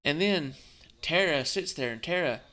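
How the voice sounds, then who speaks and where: A man talking casually on his channel, subdued and tired, rambling with halting restarts and the odd curse. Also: fairly high pitch, lively intonation, sharp tone. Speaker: gaming channel host. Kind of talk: casual vlog talk.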